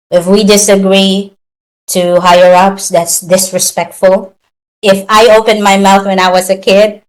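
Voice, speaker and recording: A woman's voice: fairly low pitch, rough recording. Filipino woman coaching people, chatty, acts out what her clients say. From Philippines. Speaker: virtual assistant coach. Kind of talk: motivational talk to camera.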